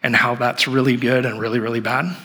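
A man in his thirties preaching a sermon at an evening church service, telling a story with humor and warmth. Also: mid-range voice, fairly quick, slightly rough. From Portland, Oregon. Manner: animated storytelling with self-deprecating humor. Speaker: pastor.

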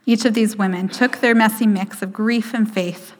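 A woman's voice: medium pitch, fairly even intonation. Woman preaching in a reverberant hall. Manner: slow, emphatic pauses with hushed quoted lines. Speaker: speaker at a church service. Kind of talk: sermon.

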